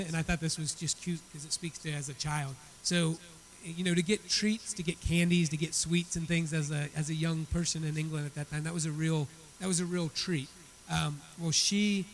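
Fairly high-voiced man teaching a Bible lesson. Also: slight background noise, poor audio. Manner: conversational, repeats words as he restarts. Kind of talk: retelling a story as a church lesson.

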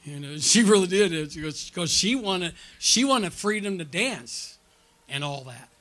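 A pastor preaching a conference sermon, telling stories and drawing call-and-response from the congregation with frequent "okay?" and "amen?" checks. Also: male voice, high-pitched, expressive, measured pace, fairly bright tone. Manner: storytelling with audience call-and-response.

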